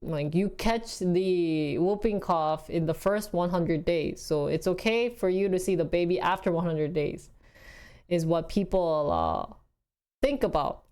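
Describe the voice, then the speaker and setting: Young woman rambling on stream, lowish voice getting hoarse, laughs a lot. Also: unhurried. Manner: chatty, rambling, laughs often, quotes family in lively bursts. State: losing her voice. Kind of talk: casual livestream chat.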